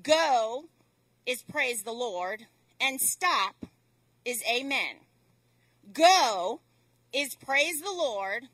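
A woman delivers a sermon in a high, bright voice, slow and deliberate with weighty pauses. The sound is dry, with the mic some distance from her. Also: no room sound. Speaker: preacher.

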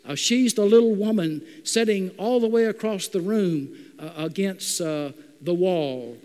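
A man voicing a tearful teenage boy in juvenile detention, within a sermon, halting with fillers. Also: high voice, dark tone. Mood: sad. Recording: long reverb of a large hall.

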